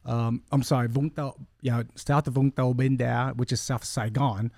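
An earnest man in his forties tells a long personal story as a guest in a conversation. His voice sits at a middling pitch and sounds close and dry. He rambles and stops often to correct himself. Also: flat delivery, moderate pace, vocal fry, a little mellow, no echo. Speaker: podcast guest.

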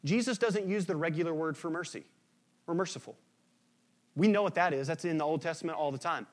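A man preaching a sermon as pastor, swinging between loud emphatic bursts and quiet, hushed lines. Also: a little high, fairly quick.

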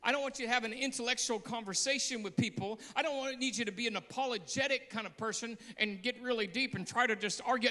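A man, a guest pastor, preaching a sermon with passion, telling stories, repeating phrases and breaking into shouts. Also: extremely high pitch, fast, hardly any pauses, in a large hall.

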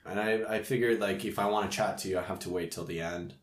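Deep guy rambling and laughing at himself, echoey room. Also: steady tone, quick pace. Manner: laughs often, self-mocking, rambling. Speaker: comedy show host. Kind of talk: casual podcast chat.

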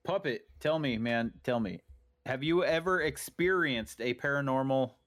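A man's voice: mid-range voice, normal speed, a bit bright. A man hosting a casual chat, joking and laid-back as he asks questions.

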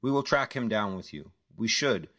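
A composed crime boss in an audiobook thriller, as a male narrator voices him. His voice stays low and steady, and his phrasing is measured and formal. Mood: commanding. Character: calm, commanding Czech male crime boss.

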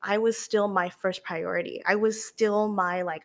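Young woman rambling on a podcast, lots of likes and swearing, really animated. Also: mid-range voice, unhurried, hardly any pauses. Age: young adult. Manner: animated, many fillers and swears. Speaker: podcast guest. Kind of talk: candid casual chat.

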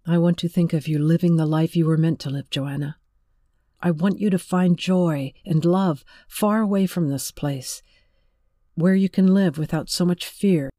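A narrator voicing a restrained, tender young man who speaks softly and earnestly, holding back tears, in an audiobook reading. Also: on the high side, moderate pace, no echo, studio quality, natural voice.

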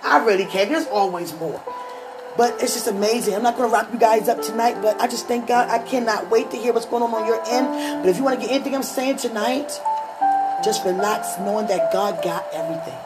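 A woman giving a spiritual testimony to an online audience, telling her story excitedly and acting out her own thoughts. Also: on the high side, fairly quick, over loud music. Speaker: speaker sharing a faith testimony.

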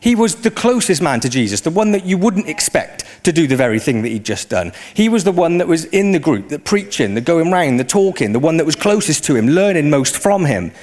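A man preaching a sermon in a conversational way, often rising into animated emphasis. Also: fairly high pitch, fairly quick, few pauses.

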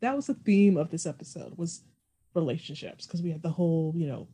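A woman's voice: sits low, animated, a little fast, dark tone, husky. A woman co-hosting a podcast, chatting casually as she playfully retells TV scenes. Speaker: podcast co-host. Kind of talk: casual TV episode recap chat.

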